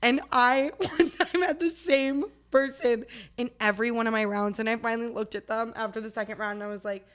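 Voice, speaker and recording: A young woman co-hosting a podcast, chatting in a lively, playful way and laughing often. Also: fairly high pitch, a little fast. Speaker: podcast co-host. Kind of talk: casual chat.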